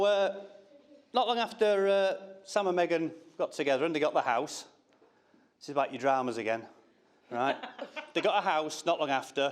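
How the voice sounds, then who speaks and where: A man's voice: mid-range voice, smooth. A middle-aged man giving a father-of-the-bride speech from notes, teasing and breaking off with asides. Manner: jokey, teasing, self-interrupting. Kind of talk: wedding speech read from notes.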